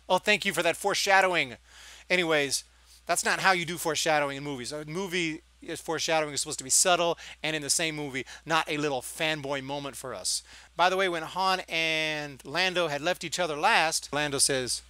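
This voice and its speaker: A man's voice: on the high side, fairly quick, bright, forceful tone, no room sound. A man giving a casual, sarcastic movie review, exasperated and acting out lines of dialogue. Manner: sarcastic, exasperated, acts out quotes.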